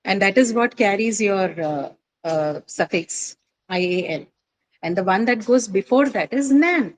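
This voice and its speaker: A woman's voice: mid-range voice, expressive, measured pace, low-quality recording. A woman teacher lecturing a class, explaining step by step with frequent fillers and tag questions. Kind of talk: classroom lecture on word stress.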